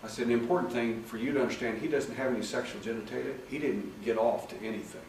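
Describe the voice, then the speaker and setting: Animated storytelling man in an echoey hall. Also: mid-range voice, fast. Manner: animated storyteller acting out dialogue in raised voices. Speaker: hypnotherapist speaking to an audience. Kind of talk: talk with audience questions. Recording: echoey room, far from the mic, faint noise.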